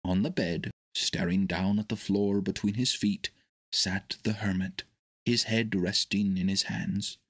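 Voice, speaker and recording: A man narrating a children's storybook in a steady, expressive reading. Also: on the low side, a little slow, slightly rough.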